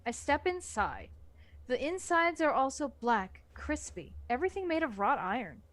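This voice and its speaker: A woman's voice: high voice, moderate pace, no room sound. A woman reading a horror novel aloud for a book club, narrating expressively. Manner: expressive narration with lively swings.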